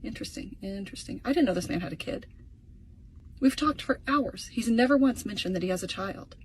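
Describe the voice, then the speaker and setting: A woman telling a comedic story in an exasperated, sarcastic rant with animated asides. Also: a little high, a little fast, a little hiss or hum, low-quality recording.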